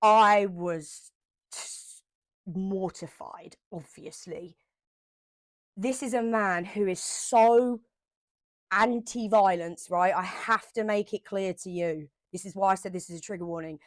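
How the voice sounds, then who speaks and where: A woman vlogger telling a personal story straight to camera, emotional and animated, repeating herself for emphasis and swearing now and then. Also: mid-range voice, takes it slowly, dry recording.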